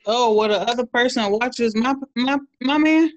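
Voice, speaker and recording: A woman's voice: a little high, normal speed, lo-fi sound, a little hiss or hum. A woman co-hosting a podcast in casual chat, blunt and slangy with short quips. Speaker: podcast co-host.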